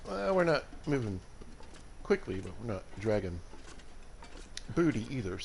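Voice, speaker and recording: A man with a Southern US accent, talking through a survival game for his viewers with jokey, chatty asides. His pitch swings up and down as he reacts. A faint hiss of noise sits under the voice. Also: sing-song, a little slow, creaky. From Alabama. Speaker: game streamer. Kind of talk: casual gameplay commentary.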